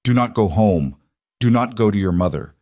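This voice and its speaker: A man's voice: on the low side, lively intonation, moderate pace, darkish tone, no room sound, natural voice. Man voicing a mafia boss, commanding, clipped orders, urgent, dry. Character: commanding male mafia boss under pressure.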